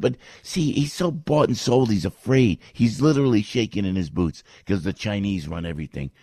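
A man's voice: on the low side, normal speed, hardly any pauses, dark tone, husky, no echo, studio quality. An older man ranting in political commentary, rambling and exasperated, with frequent stops and restarts.

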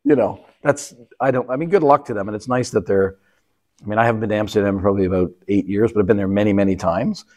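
Here a travel podcast co-host from Canada speaks quickly in a lowish, slightly mellow voice. It's a casual chat where he rambles about recent trips, tells travel anecdotes, and frequently starts over.

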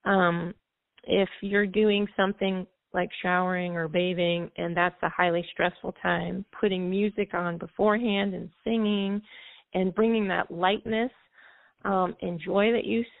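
A woman's voice: on the low side, steady tone, unhurried, gravelly, no echo. A woman music therapist, a guest on a call-in radio show, explaining in detail and now and then singing bits of songs to illustrate. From United States. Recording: tinny phone line, dry.

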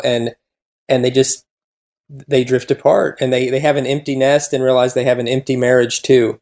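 A man's voice: mid-range voice, a little mellow. Earnest man, marriage guest. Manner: earnest, rushes through points. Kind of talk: interview answers.

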